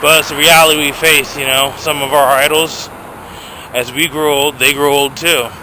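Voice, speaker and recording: A man's voice: a little high, flat delivery, moderate pace, background noise. A young man ranting to his camera outdoors, profane and agitated, filmed on a handheld phone. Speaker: vlogger. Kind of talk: casual rant to camera.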